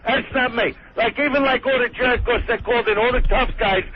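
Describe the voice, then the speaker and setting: A man with a very high voice calls in over a muffled phone line, faint hiss underneath. He talks in a brash, confrontational tough-guy manner, pushing his point in casual radio banter. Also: steady tone, a little fast. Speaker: celebrity caller.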